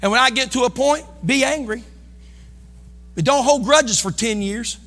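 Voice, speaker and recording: Man, Midwestern American accent, pastor, folksy sermon, shouts and asides, very high voice, long church reverb. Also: moderate pace. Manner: folksy, swings between loud shouting and low asides. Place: church sanctuary.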